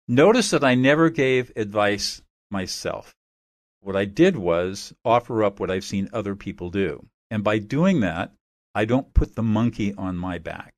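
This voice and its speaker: A man being interviewed as an expert guest, calmly explaining methods in a measured, instructive way. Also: on the low side, dry recording, studio quality.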